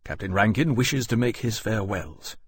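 A man voicing a stern naval captain in an audiobook, speaking quietly with cold, clipped control. His voice sits low and husky, close and dry to the mic. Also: expressive, normal speed, dry recording.

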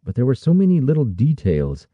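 A man doing an urgent young warrior, pitched up. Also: huge pitch swings, a little fast, no echo, highs cut off. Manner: urgent, demanding. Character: earnest young male warrior, demanding.

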